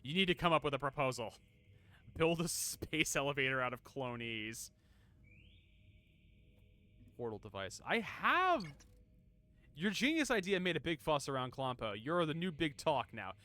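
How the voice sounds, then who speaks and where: A man's voice: on the high side, expressive, moderate pace, sharp tone, dry recording. A man streaming a game, chatting casually, reading game text aloud and laughing often. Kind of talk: casual gameplay commentary.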